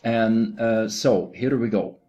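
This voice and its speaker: A man promoting a program, talking casually to his group in a halting way full of restarts. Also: on the low side, steady tone, warm tone, dull audio. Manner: halting, many fillers and restarts. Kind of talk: casual recorded talk to a group.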